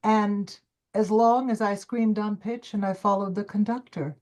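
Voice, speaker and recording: An older woman, a coach and former stage performer, telling her life story in an interview with emphatic, expressive delivery and quoted self-talk. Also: mid-range voice, unhurried. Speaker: summit guest speaker, coach.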